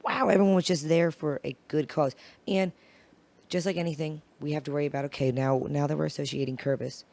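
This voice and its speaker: Raspy-voiced woman chatting loosely. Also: low voice, steady tone, a little fast, a little mellow. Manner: loose, rambling and profane. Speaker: podcast guest. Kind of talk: casual podcast chat.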